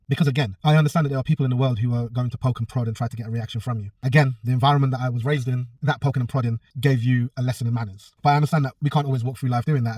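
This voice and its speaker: A man's voice: medium pitch, darkish tone, slightly rough, dry recording, recorded from a distance. A man, a personal trainer telling a story in a casual vlog, blunt and swearing freely. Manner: blunt, swears a lot, acts out both sides of a quarrel.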